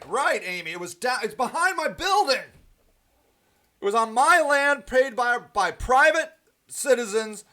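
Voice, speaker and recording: A man with a high-pitched voice hosts a livestream and rants to his viewers. He is angry and swears often, breaking off into ums and restarts as he answers their comments. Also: sing-song, unhurried, long pauses, bright, forceful tone. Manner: profane, angry and emphatic, with frequent ums and restarts. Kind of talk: ranting livestream monologue.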